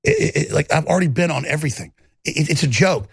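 Gravelly, husky male host ranting. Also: on the high side, animated, fast, no room sound. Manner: combative, repeats words when worked up. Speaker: show host. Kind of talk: heated on-air rant.

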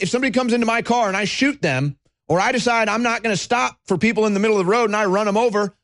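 A man's voice: high voice, a bit bright. A man hosting a political talk show, ranting in a combative, mocking way and swearing freely. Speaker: political commentary host. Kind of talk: angry political rant.

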